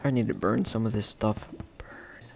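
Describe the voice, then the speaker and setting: Gravelly-voiced man narrating gameplay casually. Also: on the low side, normal speed. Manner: chatty, playful, bursts of excited shouting. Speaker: gameplay video host.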